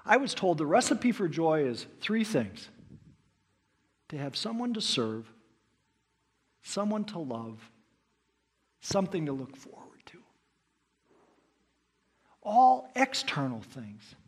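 Middle-aged male pastor, slightly high, husky voice; sermon storytelling that swings from booming to hushed. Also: very animated, slow, long pauses.

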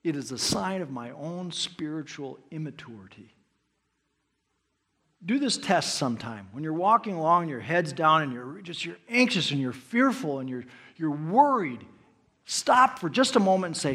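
A middle-aged man preaching a sermon as pastor, telling stories and swinging between loud emphasis and hushed asides. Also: a little high, very animated, normal speed, breathy edge.

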